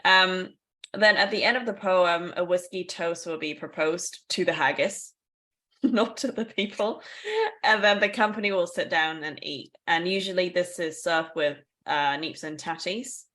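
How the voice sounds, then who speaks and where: A woman's voice: fairly low pitch, unhurried, bright, forceful tone. A woman co-hosting a casual podcast, explaining things in a chatty way with asides and small laughs. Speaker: podcast co-host.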